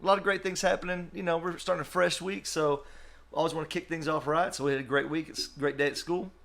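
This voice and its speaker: A man's voice: fairly high pitch, fairly even intonation, fast talker, vocal fry, a bit bright. A man in his sixties, a youth pastor, joking and teasing in a casual podcast chat.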